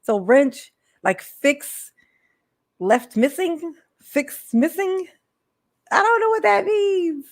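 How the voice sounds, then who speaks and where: Lady streamer rambling along slow, lots of giggles, kinda high voice. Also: lively intonation. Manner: giggly and rambling, laughs often. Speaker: live streamer. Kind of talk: casual live-stream chat.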